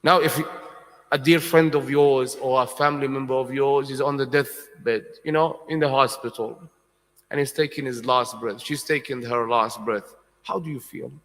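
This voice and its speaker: A man's voice: fairly even intonation, normal speed, fairly bright tone. A man preaching a Muharram sermon, speaking with passion and asking his listeners questions directly. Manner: impassioned, rising into high emotional cries when telling tragic stories; asks the audience questions directly. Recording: long hall reverb.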